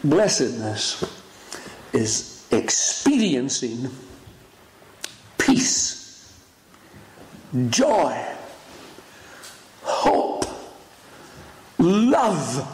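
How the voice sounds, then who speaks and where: A man preaching a sermon, swinging from high exclaiming cries down to hushed whispers. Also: huge pitch swings, very slow, pauses often, echoey room, a little hiss or hum, poor audio. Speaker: pastor. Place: church.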